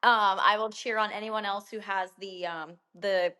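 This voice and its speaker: A woman guest on a podcast, answering in a relaxed, candid way with some hesitant fillers. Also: mid-range voice, moderate pace, smooth. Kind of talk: casual interview chat.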